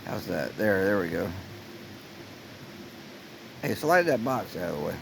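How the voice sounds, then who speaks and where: A man's voice: deep voice, very animated, unhurried, gravelly. Man, casual vlog, folksy and rambling, handheld camera at a campsite, faint outdoor noise. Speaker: vlogger.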